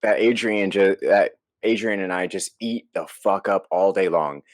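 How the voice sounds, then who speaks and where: A man's voice: sits low, a little slow, dry recording. A man hosting a podcast, asking rambling, self-correcting questions in casual chat. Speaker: podcast host.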